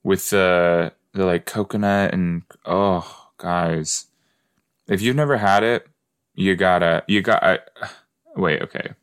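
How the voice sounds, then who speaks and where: Low-voiced guy, slow and chatty, reacting to an old sitcom, lots of oh my gosh and trailing off. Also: fairly even intonation, smooth. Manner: chatty, exclaims and trails off mid-thought. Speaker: podcast host reacting to a sitcom. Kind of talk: casual watch-along chat.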